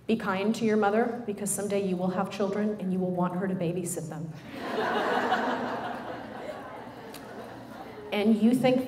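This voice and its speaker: A middle-aged woman giving a humorous motivational talk to a live audience, animated and joking as she speaks straight to the listeners. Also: mid-range voice. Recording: roomy hall sound with faint noise.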